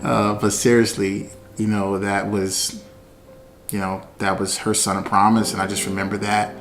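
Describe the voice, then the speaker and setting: Flat-toned husband giving halting testimony. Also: male voice, fairly low pitch. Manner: halting, relaxed, many "you know"s. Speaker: husband sharing faith story. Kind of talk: personal testimony. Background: soft guitar music.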